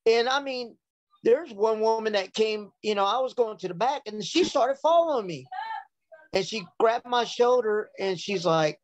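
A man telling joking stories in a dry, deadpan way. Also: high-pitched, normal speed, no room sound. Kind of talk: casual storytelling chat.

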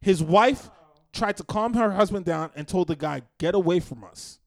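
A man's voice: high voice, moderate pace, dry recording, clean studio sound. A man co-hosting a casual podcast debate, telling stories animatedly and acting out the people in them. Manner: animated storyteller, acts out quotes. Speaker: podcast co-host.

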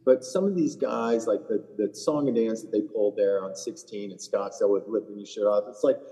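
A man's voice: fairly low pitch, fairly quick, warm tone, long reverb tail, rough recording. A middle-aged man, a caddie co-hosting a podcast, telling stories in blunt, profane casual chat. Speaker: PGA Tour caddie, podcast co-host.

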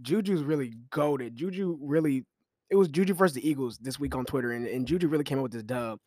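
Animated young man trash-talking on a podcast. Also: mid-range voice, quick pace, no echo, studio quality. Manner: animated, slangy trash talk with laughs. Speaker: podcast host. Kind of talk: casual commentary.

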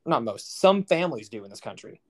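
A man's voice: mid-range voice, very animated, brisk. A young man co-hosting a podcast, telling stories in a rambling, profane, incredulous way. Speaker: podcast co-host. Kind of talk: casual chat.

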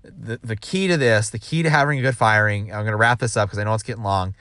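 A man's voice: on the low side, quick pace, a bit bright, no echo. A man giving casual advice as a sales manager, rambling with restarts and acting out quoted dialogue.

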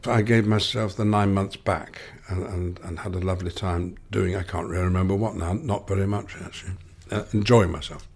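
Low-voiced older Lancashire man musing. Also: steady tone, gravelly, a little mellow, breathy edge. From Lancashire, England. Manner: musing, halting, many restarts. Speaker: guest. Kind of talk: reflective interview answers.

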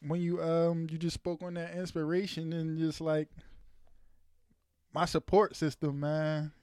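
A man's voice: fairly high pitch, completely flat delivery, measured pace, darkish tone, clear, resonant tone, dry recording, clean studio sound. A man co-hosting a casual podcast chat, laid-back and laughing often as he drawls his words out. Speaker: podcast co-host.

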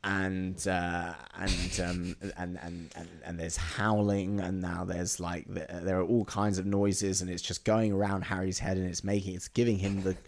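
A man's voice: low voice, flat delivery, a little slow, hardly any pauses. A man improvising a comic story, rambling, laughing often and restarting his sentences.

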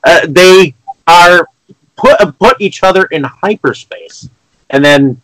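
A man on a casual podcast recapping a film plot, halting, with many fillers and restarts. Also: sits high, a bit bright, no room sound, low-quality recording. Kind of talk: casual chat.

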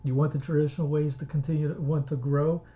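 A man's voice: a little high, level tone, quick pace, dark tone, dull audio. A man hosting a show who gives casual religious commentary, blunt and exhorting, rambling with restarts.

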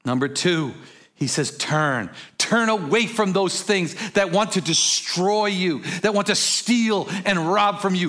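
A man with a high voice preaches slowly as a pastor. His delivery swings from whispered, personal lines to sudden shouted exclamations, and he tosses in relaxed story asides.

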